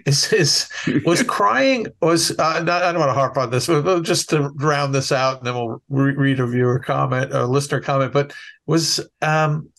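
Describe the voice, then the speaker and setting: A man's voice: mid-range voice, normal speed, gravelly, fairly bright tone. A man cohosting a podcast who asks questions in a hesitant, stumbling way during casual conversation.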